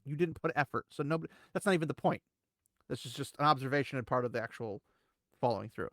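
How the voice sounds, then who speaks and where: A man co-hosting a casual commentary chat, rambling and animated, swinging between loud bursts and quiet asides. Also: on the high side, no room sound, clean studio sound. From United States. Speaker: co-host.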